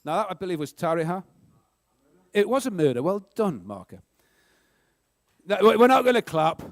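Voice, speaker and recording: High-voiced New Zealand quiz host. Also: male voice, big pitch swings, no room sound, clean studio sound. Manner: brisk, joking, sarcastic asides. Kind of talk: live school quiz hosting.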